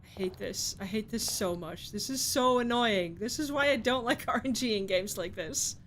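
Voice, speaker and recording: A woman's voice: a little high, moderate pace, hardly any pauses, fairly bright tone, a little hiss or hum. A woman streaming a game, talking casually to her chat, frustrated and swearing, rambling with restarts.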